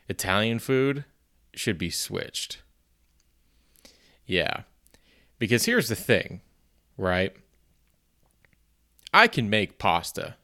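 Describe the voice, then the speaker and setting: Rambling, low-voiced podcast host man. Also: fairly bright tone. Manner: rambling, self-deprecating, swears, many "you know"s. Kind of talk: casual solo podcast chat.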